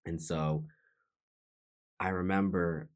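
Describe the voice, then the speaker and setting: A man with a very low voice recounts a personal memory for his podcast. He speaks earnestly and reflectively, often stopping to restart and repeating phrases as he works through it. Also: little pitch movement, slow. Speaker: podcast host. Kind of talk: personal storytelling monologue.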